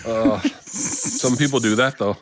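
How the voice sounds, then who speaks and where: A man co-hosting a comedy podcast, telling stories in animated casual chat and laughing often. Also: medium pitch, unhurried, dry recording, studio quality. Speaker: podcast co-host.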